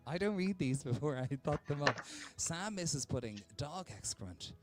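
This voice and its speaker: A man's voice: on the high side, very animated, unhurried, over loud music. A young Irish man with an Irish accent, a comedian hosting a charity stream with rambling, playful stand-up banter. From Ireland. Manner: rambling, self-interrupting, playful.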